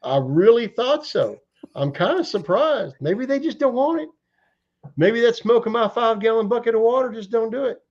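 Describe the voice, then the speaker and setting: A man's voice: very high voice, animated, moderate pace, a little mellow, lo-fi sound. A man joining a livestream as a guest, chatting in a colorful, folksy, joking way. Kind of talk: casual chat on a livestream.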